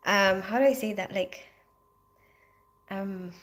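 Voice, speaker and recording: A woman's voice: medium pitch, steady tone, slow, a bit bright. A sleepy Filipino woman hosting a casual livestream, rambling with many fillers and frequent laughs as she reads out comments. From Philippines. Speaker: livestream host reading comments.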